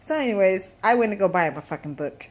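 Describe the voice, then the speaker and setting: A woman in her thirties rants casually into the camera, blunt and heavily profane. She rambles with fillers and asides, her pitch sitting mid-range. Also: expressive, fast. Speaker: parent vlogger. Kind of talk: casual vlog rant.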